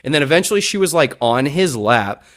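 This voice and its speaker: A man hosting a casual podcast, telling classroom stories in an animated way and acting out his own quotes. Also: mid-range voice, brisk. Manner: animated storyteller, acts out quotes. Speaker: podcast host.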